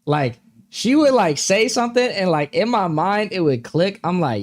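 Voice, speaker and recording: A man's voice: high-pitched, very animated, moderate pace. A young man hosting a live stream, chatting casually with viewers in a laid-back, slangy way and laughing often.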